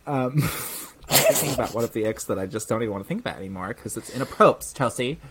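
Talking fast at a medium pitch over a noisy background, a young man co-hosting a podcast tells a lively story in casual conversation. He acts out each person he quotes.

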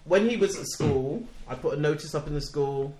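A man who is a parent, telling stories in an animated way during a casual chat. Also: fairly high pitch, a little fast, roomy sound. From Africa. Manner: animated storytelling with laughter.

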